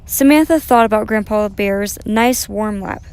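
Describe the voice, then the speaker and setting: A woman reading a children's picture book aloud in a gentle, expressive way. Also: medium pitch, a little slow, smooth. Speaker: storyteller. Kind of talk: children's story read aloud.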